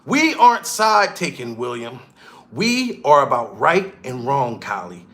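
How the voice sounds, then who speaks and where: A man hosting a livestream, ranting loudly and excitedly, swearing and shouting out to viewers in the chat. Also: medium pitch, measured pace. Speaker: livestream commentator. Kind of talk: profane livestream rant.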